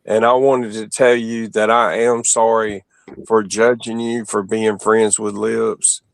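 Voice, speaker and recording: A man hosting a live stream who talks in a calm, conciliatory way. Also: fairly low pitch, takes it slowly, creaky, no room sound. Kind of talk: casual live-stream chat.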